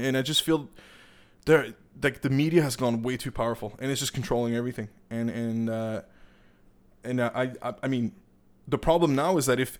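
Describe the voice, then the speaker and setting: A young Canadian man with a Canadian accent giving a rambling, profane political rant, heated and full of digressions. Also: mid-range voice. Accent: Canadian English.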